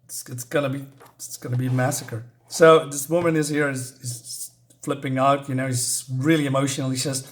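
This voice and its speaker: A man casually retelling a horror story, rambling and filling pauses with many ums while searching for words. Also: mid-range voice, fairly even intonation.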